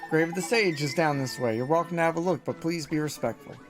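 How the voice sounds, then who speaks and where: A man's voice: a little high, fast. A man giving casual gameplay commentary as a streamer, chatting with viewers enthusiastically over faint game music.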